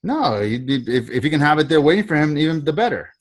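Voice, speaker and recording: With a quick, sing-song voice pitched a little high, a man coaches a sales team on a group video call. He keeps it casual, rambling and repeatedly backing up to restart or repeat his lines.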